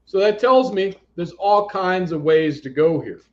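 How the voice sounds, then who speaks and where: Male psychic healer, brash and animated, fairly high voice, muffled stream sound. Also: unhurried. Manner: blunt, animated, swings between loud commands and quiet asides. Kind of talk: live spiritual reading and energy healing.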